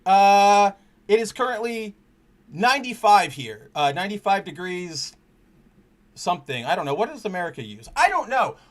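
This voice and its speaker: A man's voice: sits high, sing-song, normal speed. A man hosting a casual comic book chat stream, rambling with frequent restarts, cursing freely and speaking candidly about personal matters. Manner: earnest and candid when personal. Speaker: podcast host.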